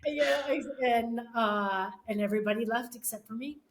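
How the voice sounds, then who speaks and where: Woman telling a story, halting and emotional. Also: a little high, heavy background noise. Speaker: podcast guest. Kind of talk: casual conversation.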